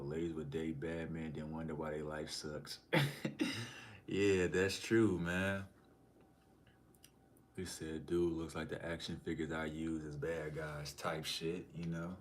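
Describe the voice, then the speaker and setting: A man's voice: rumbling low, a little hiss or hum. A man livestreaming, casually chatting with viewers and reading their comments aloud in a laid-back, slangy way. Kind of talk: casual live-stream chat.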